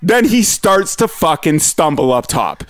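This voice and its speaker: A man spins a comic story in loose chat, swearing freely. His voice sits high and leaps up and down. He talks with constant energy. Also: a little slow, soft background music. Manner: animated, swears freely, acts out other people's voices. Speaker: podcast co-host telling a story. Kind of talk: casual comedic storytelling.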